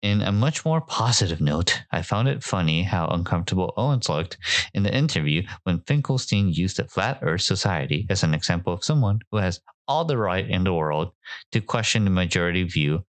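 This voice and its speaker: A man's voice: low-pitched, expressive, a little fast, dry recording. A man hosting his podcast, giving casual, wry commentary and often correcting himself mid-sentence. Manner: wry, self-correcting, chatty. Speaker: podcast host.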